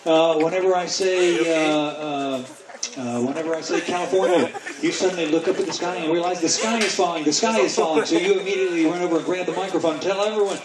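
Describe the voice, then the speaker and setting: A man as a stage hypnotist giving suggestions and counts, teasing volunteers playfully and slowing into a soothing induction. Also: fairly high pitch. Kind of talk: hypnosis show patter. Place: outdoors in a yard at night. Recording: distant camera, echoey, noisy crowd.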